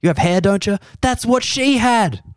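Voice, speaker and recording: A man putting on the voice of a fearmongering tabloid headline, shrill and alarmist. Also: expressive, moderate pace, clear, resonant tone, no room sound, clean studio sound.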